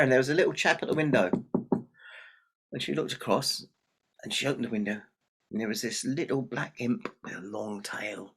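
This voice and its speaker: Male storyteller, lively and chatty, husky voice. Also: medium pitch, normal speed, long pauses. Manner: lively, chatty, addresses the audience. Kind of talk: oral folk tale telling.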